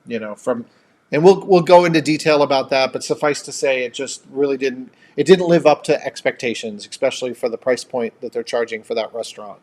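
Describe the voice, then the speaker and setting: A man's voice: medium pitch, brisk, darkish tone. A man co-hosting a casual live-stream chat, talking at length and reading out viewer comments with thanks.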